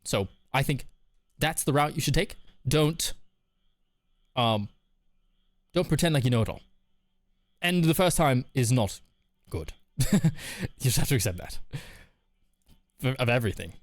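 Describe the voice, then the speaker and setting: A man talks casually and frankly to his stream, reading out chat messages and laughing often between thoughts. His voice sits in an ordinary middle pitch. It is recorded close and dry, with no room sound. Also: expressive, a little slow, pauses often, no room sound.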